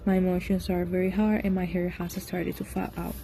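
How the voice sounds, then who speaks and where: A woman's voice: fairly low pitch, level tone, brisk, gravelly, warm tone, slight background noise. A woman teaching English, reading textbook exercises aloud with care and correcting her own slips as she goes.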